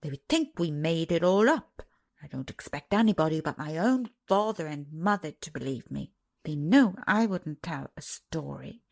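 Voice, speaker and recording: A proud miner boy speaks in a blunt, sulky, offended way, as a woman puts him on. His voice has a gravelly edge and rises and falls widely. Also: sits low, lively intonation, moderate pace, pitched below the performer's own voice, full character voice.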